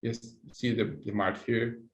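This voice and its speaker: Male teacher running a live online pronunciation lesson, mid-pitched, encouraging, echoey room. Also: little pitch movement, measured pace, a little hiss or hum. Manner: encouraging, praises students by name, non-native phrasing.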